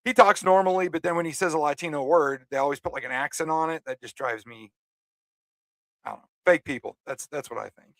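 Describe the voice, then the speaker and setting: Guy cohosting a chat show, stumbles and repeats words a lot, kinda high voice, dry room. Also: fairly quick, fairly bright tone, no echo. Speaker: co-host. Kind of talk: casual podcast commentary.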